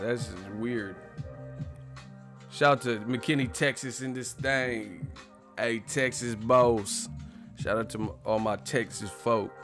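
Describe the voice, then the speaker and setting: A man's voice: mid-range voice, fairly bright tone. A man in his thirties, hosting a live stream, chats loosely and profanely, rambling and laughing as he reacts to viewer comments. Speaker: boxing stream host. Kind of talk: casual live-stream chat reading comments.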